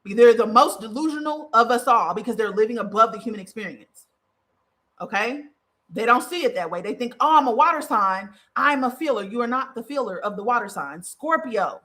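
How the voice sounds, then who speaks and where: A woman's voice: a little high, fairly bright tone. A young woman hosting a talk show, giving spiritual advice in a blunt, profane, heated monologue that mocks the people she quotes. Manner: blunt, profane, emphatic with mocking quoted voices. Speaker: podcast host and spiritual advisor.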